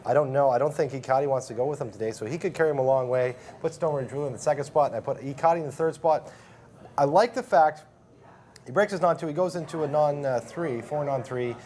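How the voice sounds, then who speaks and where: A man's voice: mid-range voice, mellow, a little hiss or hum. A man casually talking through horse racing picks as a handicapper, rattling through each horse's form. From Canada. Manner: quick, conversational, fast breakdown of form.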